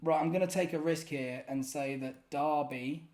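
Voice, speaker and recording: A man's voice: fairly high pitch, fairly even intonation, normal speed, darkish tone. A man giving casual, self-deprecating commentary while playing a geography guessing game, often muttering in exasperation. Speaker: gaming YouTuber.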